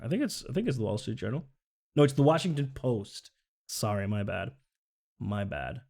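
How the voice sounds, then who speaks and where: A man's voice: lowish voice, big pitch swings, moderate pace, creaky, darkish tone. A young man streaming casual political commentary, sarcastic and sweary, laughing often and reading chat aloud.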